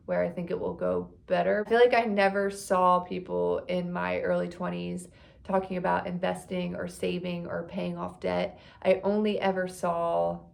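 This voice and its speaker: A woman in her thirties chatting casually to her phone camera in a vlog, expressive and talkative. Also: on the low side, creaky. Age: 30s. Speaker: vlogger.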